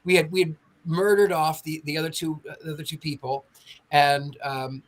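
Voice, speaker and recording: A woman telling a lively story in casual panel chat, acting out the people she quotes. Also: sits low, normal speed. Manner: animated storyteller who acts out quoted voices. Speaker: podcast panelist telling an anecdote.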